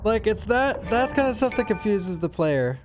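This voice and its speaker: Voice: mid-range voice, sing-song, moderate pace, background noise. Tired, chatty game streamer. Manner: chatty, swearing, rambling asides. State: tired, yawning. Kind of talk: casual gameplay commentary.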